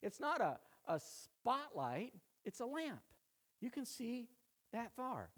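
A man's voice: very high voice, very animated, takes it slowly. A man preaching a sermon in a conversational way, often checking in with his listeners. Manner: conversational preaching, frequent "right?" check-ins. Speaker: pastor.

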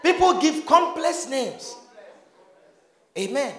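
A male preacher with a very high voice delivers a slow, animated sermon, acting out little scenes with shouts and laughter. His voice rings through a roomy, echoing hall. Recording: roomy echo.

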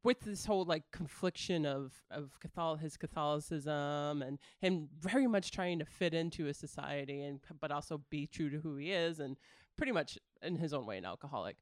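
A podcast co-host chatting casually about films, with lots of "like" and "kinda" and some gentle teasing. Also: mid-range voice, moderate pace, no room sound, studio quality. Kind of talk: casual film discussion.

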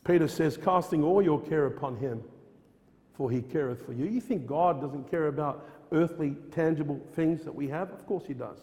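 A man's voice: on the high side, normal speed, mellow, long reverb tail. A man preaching a sermon in a church, earnest and emphatic, repeating phrases and quoting old-style scripture. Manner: quotes King James scripture aloud.

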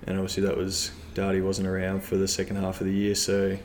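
A man, a club cricketer talking casually in an interview, relaxed and rambling with lots of fillers. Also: deep voice, fast, a little hiss or hum.

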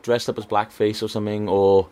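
A man's voice: fairly low pitch, flat delivery, brisk, a little mellow, slight background noise. A man co-hosting a podcast, laid-back and dry, swearing casually. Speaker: podcast co-host.

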